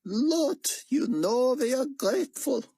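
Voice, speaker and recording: Elderly devout scholar, audiobook, high creaky voice, slow formal speech, husky. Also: male voice, expressive, warm tone, no room sound, full character voice. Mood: earnest. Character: elderly frail Israeli scholar, devout and gracious.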